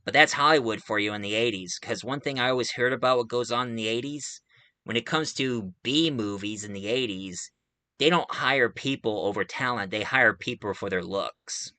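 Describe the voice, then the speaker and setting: Man, bright tone, smooth voice, dry close sound, casual rambling film review, lots of fillers. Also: medium pitch, normal speed, no room sound. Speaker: movie reviewer.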